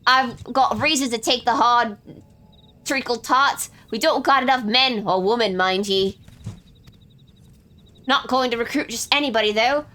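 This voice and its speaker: A woman's voice: fairly high pitch, sharp tone. A woman voicing a crude, foul-mouthed female pirate captain, reading game dialogue in coarse old-timey pirate slang and stumbling over words. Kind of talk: reading game quest dialogue aloud in character.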